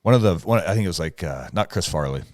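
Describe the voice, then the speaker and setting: A man's voice: low voice, animated, quick pace, a little mellow, no echo, studio quality. A man in his thirties, a former soldier, co-hosting a podcast with blunt opinions and acted-out quotes. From United States. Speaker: podcast co-host. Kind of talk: casual chat.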